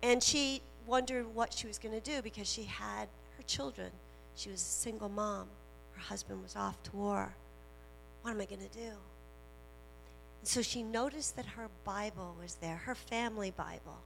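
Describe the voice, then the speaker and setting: A woman minister preaching a sermon in a slow, emphatic way, repeating her key phrases. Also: medium pitch, vocal fry, fairly bright tone. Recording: reverberant hall with faint music and hum.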